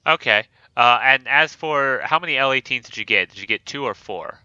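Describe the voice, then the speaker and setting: Bright, crisp-voiced gaming host. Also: male voice, mid-range voice, a little fast, no room sound. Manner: joking, easygoing, breezy. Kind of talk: casual gaming chat. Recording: dull lo-fi dry mic.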